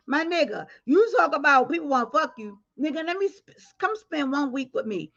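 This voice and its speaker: A woman's voice: sits high, very animated, moderate pace, pushed and bright, muffled recording. A woman hosting a live commentary stream, blunt and profane, joking as she reacts to clips.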